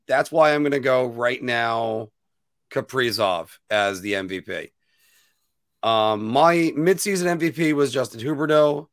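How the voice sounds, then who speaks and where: A man's voice: mid-range voice, steady tone, measured pace, no echo, clean studio sound. A man co-hosting a casual hockey podcast, laughing at his own slips and mocking himself as he talks. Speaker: podcast co-host.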